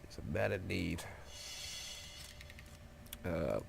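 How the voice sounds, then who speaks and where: A man's voice: low voice, expressive, drawn-out words, vocal fry, noisy background. A young man with a stuffy, nasal voice from a cold, casually commenting on a game as he plays, rambling and swearing now and then. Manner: rambling, jokey, swears freely. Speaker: let's play host.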